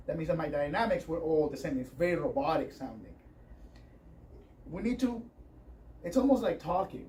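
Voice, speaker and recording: His voice is a little high and warm. He's teaching a guitar workshop, mixing playing demonstrations with rambling, conversational talk full of fillers, and a far-off mic catches some faint noise.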